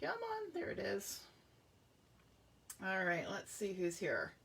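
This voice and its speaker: A woman's voice: medium pitch, wildly swooping pitch, slow, creaky, a bit bright, slightly rough. A woman leading a live card-making demonstration, chatting to viewers with a catch in her throat. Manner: chatty, greets viewers by name. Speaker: papercraft demonstrator.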